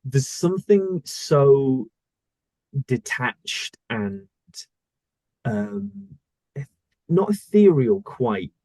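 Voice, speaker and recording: A male voice actor talking casually in an interview, thoughtful and searching for words with many pauses. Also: medium pitch, big pitch swings, warm tone, no echo. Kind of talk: casual conversation.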